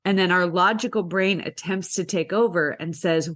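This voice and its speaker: A woman's voice: on the low side, steady tone, moderate pace, few pauses, a bit bright. A young woman, a podcast guest, explaining things in an earnest, conversational way and acting out people's inner voices.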